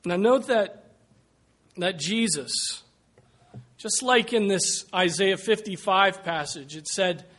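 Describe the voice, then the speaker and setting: A man's voice: sits high, slow pace, long pauses, a bit bright. A man preaching a sermon, making earnest, pleading appeals that suddenly swell in volume.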